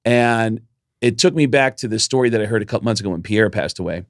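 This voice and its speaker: A middle-aged man on a podcast tells a rambling story with real energy. His pitch jumps up whenever he quotes someone, and he drops in casual swearing. The sound is dry and close, with no room around it. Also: fast, dry recording. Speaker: podcast co-host.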